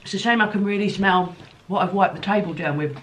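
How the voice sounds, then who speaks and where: In her home kitchen, a woman in her thirties chats casually for her vlog, rambling and giggling. She's slightly snotty from a cold, and her medium-pitched voice is fast, with a little hiss or hum on the recording.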